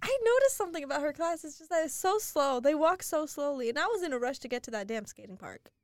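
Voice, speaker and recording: This young co-host of a podcast talks quickly in a high voice, with clean studio sound and no room echo. Her casual chat is full of animated storytelling and giggles.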